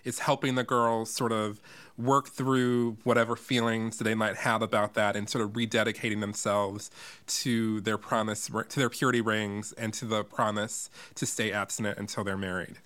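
A man's voice: on the low side, flat delivery, normal speed, fairly bright tone, smooth. A man being interviewed on a podcast as a musical theater writer, hesitant and full of filler words.

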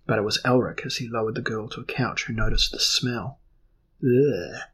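A man narrating a fantasy audiobook in steady, measured storytelling. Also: lowish voice, slightly rough, low-quality recording.

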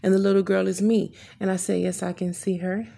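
A woman's voice: mid-range voice, flat delivery, a little fast, creaky, mellow. A woman earnestly telling a personal story, retelling conversations in her own words with frequent restarts.

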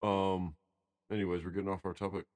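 A man with a very low, deep voice tells stories from his years in sales on a casual podcast. He is animated and acts out the people he quotes in a raised voice. The sound is dry and close to the mic. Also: a little fast, no room sound. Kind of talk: casual storytelling chat.

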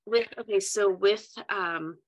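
A woman podcast host responding warmly and haltingly, with many restarts, in casual interview chat. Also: mid-range voice. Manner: gushing, halting, restarts often.

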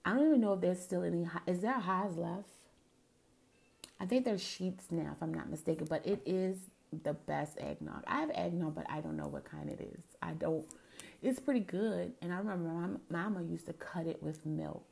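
A woman talks through family memories in a loose, rambling monologue, circling back and correcting herself as she goes. Her voice sits low and carries a heavy gravelly fry. The tone is mellow and dark. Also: normal speed. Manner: warm, rambling reminiscing with self-corrections. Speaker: host. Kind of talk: personal storytelling monologue.

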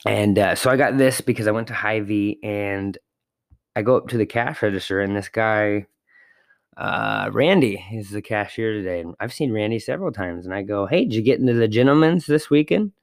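A man's voice: on the low side, moderate pace, creaky, no room sound, clean studio sound. A man hosting a solo podcast from his apartment, talking in a loose, rambling way with fillers and the odd swear word. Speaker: podcast host. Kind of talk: casual solo podcast monologue.

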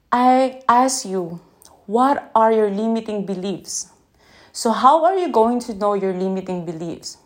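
A woman who is not a native English speaker, talking slowly and gently in an unscripted podcast recorded on her phone, often checking in with "yeah?". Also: fairly high pitch. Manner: slow, gentle, reflective, asks listeners "yeah?". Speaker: podcast host. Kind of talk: unscripted reflective podcast talk.

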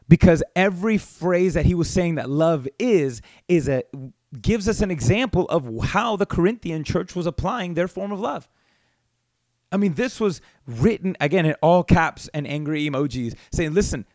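A man's voice: a little high, darkish tone, dry recording. A man preaching a sermon, growing impassioned and emphatic as he scolds. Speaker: pastor.

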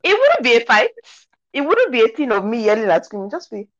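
A woman's voice: a little high, brisk. Woman podcast co-host, casual film chat, acts out scenes, slightly dull lo-fi audio. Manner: animated storytelling, acts out scenes. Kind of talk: casual movie review chat.

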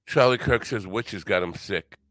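A man's voice: on the low side, moderate pace, a bit bright, no room sound, clean studio sound. A tired man, rambling through a wisecracking, sarcastic solo podcast monologue as its host. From New York.

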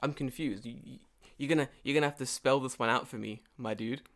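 Animated, swearing man telling a story. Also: medium pitch, brisk. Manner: animated, acts out both sides of a phone call, laughs often, swears a lot. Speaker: storyteller in a conversation. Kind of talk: casual profane storytelling chat. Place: lives and works in Japan.

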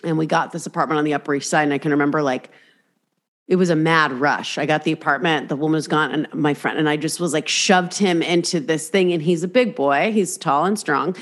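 This podcast host has a low-pitched voice and a brisk delivery. Chatting casually, she curses without hesitation, wanders off and restarts sentences partway through, and performs the inner voices of her animated stories.

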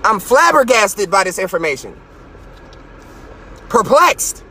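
A man hosting a live stream, ranting in a profane, mocking way from his car and sometimes breaking into shouts. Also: sits high, big pitch swings, takes it slowly, breathy edge. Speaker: podcast host.

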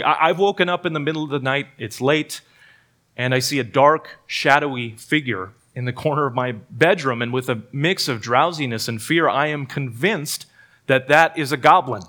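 Speaking a little slowly, a pastor gives a sermon at church in a mid-range voice that sounds pushed and bright. His manner is earnest, he uses self-deprecating humor, and he repeats words often.

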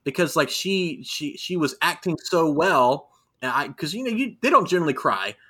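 A man in his thirties co-hosting a casual wrestling chat, animated and rambling with fillers. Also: on the high side, normal speed, husky. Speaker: podcast co-host.

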